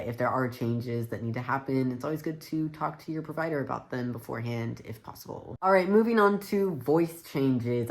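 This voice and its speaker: A young man vlogging a casual to-camera update, relaxed and chatty with plenty of fillers. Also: medium pitch.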